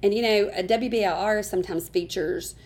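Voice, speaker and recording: A woman with an East Tennessee accent, a realtor co-hosting a casual chat, talking fast and laughing often. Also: medium pitch, darkish tone. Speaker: realtor and co-host.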